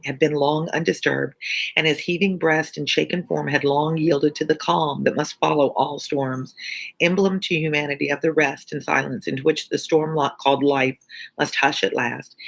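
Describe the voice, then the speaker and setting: A woman's voice: sits low, vocal fry, poor audio. A woman teacher reading a classic novel aloud and breaking in with earnest, informal comments. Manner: earnest, informal asides between passages. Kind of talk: read-aloud lesson with commentary.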